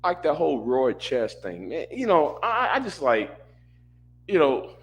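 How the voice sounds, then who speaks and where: A man's voice: a little high, big pitch swings, measured pace. A man in a casual rant, exasperated and repetitive, stumbling over restarts. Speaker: commentator reacting to a panel stream.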